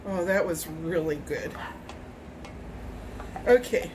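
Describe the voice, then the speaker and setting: Slow, chatty woman cooking at home. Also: mid-range voice, a little hiss or hum, poor audio. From Hawaii. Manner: rambling, chatty, tastes and snacks while talking. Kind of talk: casual cooking chat. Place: home kitchen.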